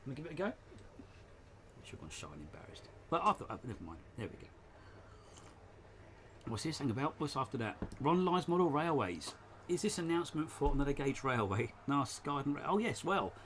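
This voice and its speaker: A man's voice: medium pitch, sing-song, fairly quick, fairly bright tone, a little hiss or hum. A man hosting a casual live stream from his shed, rambling and chatty, often laughing as he talks. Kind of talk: casual chat. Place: home shed.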